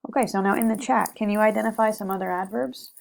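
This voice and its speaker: A woman's voice: mid-range voice, fast, creaky. A young woman giving a recorded slide lecture on grammar, methodical, with frequent "okay" and "um". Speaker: teacher presenting a lesson.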